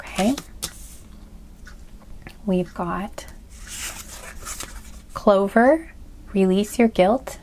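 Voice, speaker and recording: Woman, tarot reader, casual rambling talk, self-deprecating, mid pitch, faint background noise. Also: very slow, pauses often, darkish tone. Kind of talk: casual chatty card reading.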